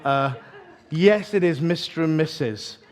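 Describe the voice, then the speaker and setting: A man's voice: fairly high pitch, unhurried. A man preaching at a church evening gathering, telling stories with self-deprecating humor and frequent restarts. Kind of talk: storytelling sermon.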